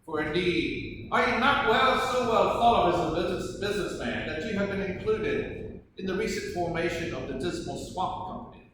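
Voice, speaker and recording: A man plays a theatrical colonial lawyer with an Irish accent, leaning on leading questions. The voice is high-set, heard from afar in a booming hall with clear background noise. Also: moderate pace, lightly acted. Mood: showy. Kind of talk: live historical courtroom reenactment. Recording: echoey hall, distant mic, background noise.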